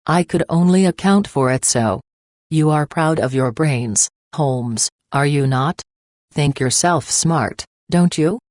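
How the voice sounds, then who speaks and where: A woman reading the part of a cruel, gloating middle-aged male poisoner with a slow, taunting manner. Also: deep voice, darkish tone, dry recording, studio quality.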